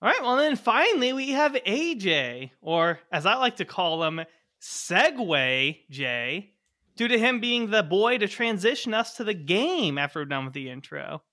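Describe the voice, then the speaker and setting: A man's voice: high voice, sing-song, measured pace, sharp tone. A man hosting a tabletop game podcast as game master, introducing his co-hosts with laughing, exasperated banter. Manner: laughing, exasperated, stop-start.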